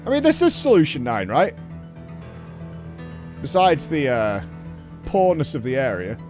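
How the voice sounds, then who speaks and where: Northern English male streamer, swears a lot, rambly banter, bouncy and fairly high voice. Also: wildly swooping pitch, measured pace, over music. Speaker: streamer reacting to a game. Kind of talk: casual live-stream commentary.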